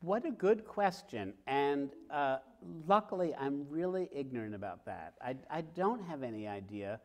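A middle-aged author talking with a host before a live theater audience, telling stories in a lively way and acting out scenes. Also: male voice, medium pitch, normal speed. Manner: lively, acts out scenes with sounds and quoted voices. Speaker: author guest. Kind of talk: animated storytelling in conversation.

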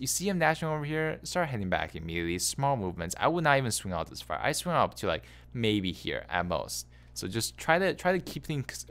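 Animated man coaching over gameplay footage. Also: mid-range voice. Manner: exasperated, animated, repeats phrases, laughs in disbelief. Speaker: game coach reviewing a player's gameplay. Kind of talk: casual coaching commentary.

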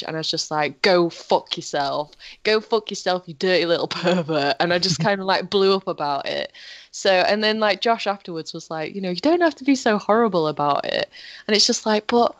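A young woman co-hosting a casual podcast, speaking at a middle pitch. She is blunt and swears freely, with lots of fillers. Her voice is dry and close to the mic. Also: expressive, brisk, no room sound. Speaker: podcast co-host. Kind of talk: casual chat.

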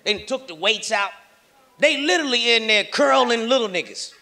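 Speaking at a moderate pace in an extremely high, expressive voice, a Kansas City, Missouri man delivers profane, loud stand-up stories and voices the other characters himself. He's on a comedy stage facing a large audience, recorded through a live stage mic as the crowd laughs.

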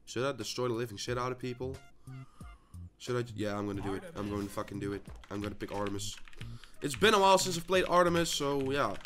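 A man with a Dutch accent commentating his own gameplay, swearing and trash-talking his opponents with sudden yelling bursts. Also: mid-range voice, quick pace, soft background music. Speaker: gaming channel host.

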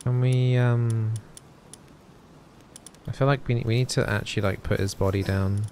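A man's voice: medium pitch, fairly even intonation, moderate pace, darkish tone, a little hiss or hum. A man giving chatty, playful let's-play commentary with mock-solemn asides. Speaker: gaming YouTuber.

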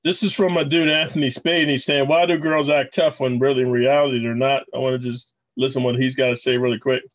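A man's voice: medium pitch, flat delivery, fast, muffled recording. A man talking casually to his viewers in a rambling way, commenting on video clips he plays. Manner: rambling, addresses viewers as guys. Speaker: channel host.

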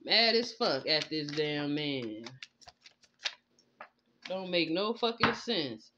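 A woman's voice: low voice, lively intonation, slow, very noisy. A woman giving a blunt, profane tarot reading, scolding and laughing as she talks. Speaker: tarot reader. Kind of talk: casual spoken tarot reading. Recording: slightly dull lo-fi sound.

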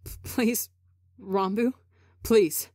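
A woman's voice: medium pitch, slow pace, a little mellow, dry recording, studio quality. A woman reading a desperate, apologetic young man in a story, pleading with stammers and broken restarts. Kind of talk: audiobook character reading.

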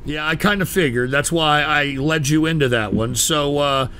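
A man's voice: a little high, normal speed, pushed and bright, slight background noise. Profane, exasperated call-in host man. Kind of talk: crude call-in radio parody.

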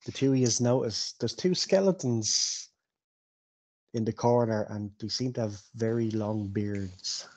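Laughing game master. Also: male voice, fairly low pitch, unhurried. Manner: laughing, lively narration. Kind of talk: narrating a tabletop game.

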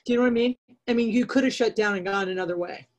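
A woman's voice: a little high, rapid-fire, muffled recording. Candid woman sharing church stories. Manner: candid, anecdotal, many fillers. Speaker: church discussion participant. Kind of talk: casual group discussion.

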